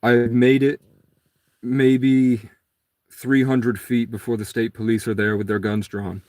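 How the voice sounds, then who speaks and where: A man's voice: mid-range voice, little pitch movement, a little slow, darkish tone, no echo. A man telling a long personal story in a casual, rambling monologue. He acts out the other people's lines in a raised voice.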